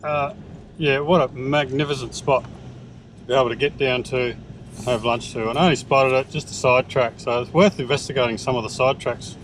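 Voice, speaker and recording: A relaxed man talks his way through a vlog at a middle pitch, chatty and easygoing. Clear engine and outdoor noise sits behind him. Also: moderate pace. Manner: relaxed, chatty, talks while cooking and driving. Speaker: vlogger. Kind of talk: casual vlog narration. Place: outdoors at a bush campsite and in a vehicle.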